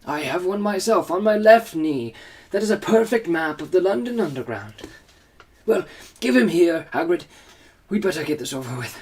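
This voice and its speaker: An old wizard headmaster, calm and wry, as a man voices him while reading aloud. His voice is lilting and gently amused. It is pitched up and rolls over a wide range. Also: moderate pace, breathy edge, far from the mic, exaggerated voice. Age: older.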